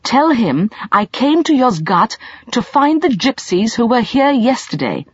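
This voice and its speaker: A woman's voice: a little high, very animated, unhurried, breathy edge, dry recording, lo-fi sound, pitched above the performer's own voice, full character voice. A woman voicing a determined young male traveller who speaks in an earnest, clipped way, in a storybook reading. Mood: insistent.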